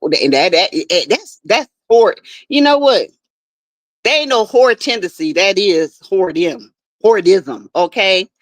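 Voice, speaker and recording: Lively-voiced woman chatting live. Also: medium pitch, measured pace, no room sound. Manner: chatty, greets viewers by name, gossipy. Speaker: livestream host. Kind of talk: casual live chat with viewers. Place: home backyard shed.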